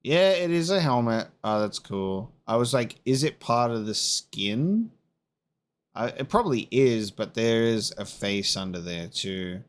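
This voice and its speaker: A man's voice: medium pitch, sing-song, a little slow. A man giving casual, rambling commentary while playing a video game, musing aloud with plenty of fillers. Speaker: gameplay commentator. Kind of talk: casual let's play commentary.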